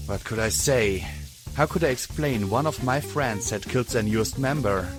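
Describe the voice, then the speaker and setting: A man reading a fan audiobook in slow, measured narration. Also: medium pitch. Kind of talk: scripted narration. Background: background music.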